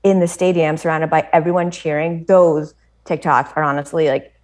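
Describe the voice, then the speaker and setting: Animated American woman podcast guest. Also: deep voice, moderate pace. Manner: animated storytelling, many "like" fillers, frequent laughter. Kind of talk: casual chat.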